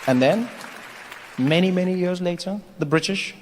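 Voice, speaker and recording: A man performing a stand-up comedy set at a large live venue, playful and animated. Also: high voice, moderate pace. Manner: animated, playful, slips into voices. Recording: echoey hall, crowd laughter.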